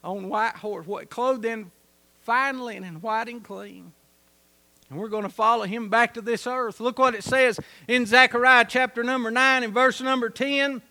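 A preacher with a strikingly high, bright voice delivers a homespun sermon. He drops to soft asides, then rises to ringing shouts. His twang and rough grammar give it a country church feel. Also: fairly even intonation, moderate pace.

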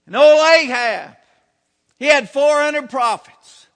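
A man preaching a sermon, emphatic and building to shouts on his key points. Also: very high voice, slow. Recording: reverberant hall.

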